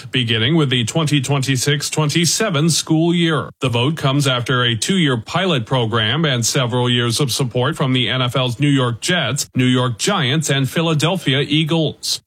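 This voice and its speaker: A man's voice: mid-range voice, breathy edge, low-quality recording. A man filing a radio news report about a sport. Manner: steady factual reading. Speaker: correspondent.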